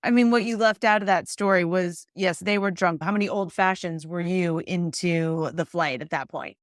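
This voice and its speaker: A woman's voice: on the low side, moderate pace, dry recording, studio quality. A woman co-hosting a podcast in casual chat, teasing and bantering with a laugh. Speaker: podcast co-host.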